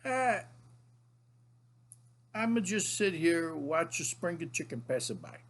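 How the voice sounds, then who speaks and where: A man voicing his elderly grandfather, a gruff old Italian-American man with a raised, sing-song, dismissive way of talking. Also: fairly high pitch, sing-song, slow, a bit bright, pitched above the performer's own voice, heavily acted. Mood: teasing.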